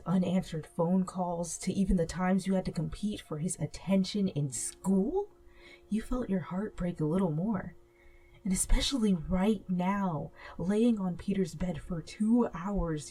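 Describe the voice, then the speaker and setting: A woman narrating a second-person fan fiction story in a soft, slow storytelling way. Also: lowish voice, breathy edge. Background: soft music.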